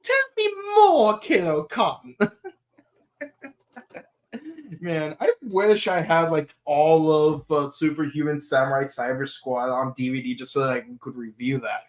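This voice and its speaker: A man hosting a podcast in casual chat, rambling, laughing often and slipping into silly voices. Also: medium pitch. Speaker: podcast host.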